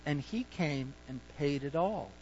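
A man preaching slowly and deliberately, his voice sitting a little high for a man. He drives his points hard, then drops to quiet asides. The recording is dull and muffled, with a faint hum behind it. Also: expressive. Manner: emphatic, swings between loud points and quiet asides; acts out sheepish excuses in a low mutter. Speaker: pastor. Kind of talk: sermon.

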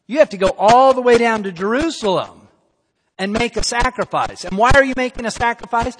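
A man preaching a sermon, lively and emphatic, acting out quoted lines as he teaches. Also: very high-pitched, moderate pace. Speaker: pastor. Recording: long hall reverb, faint noise.

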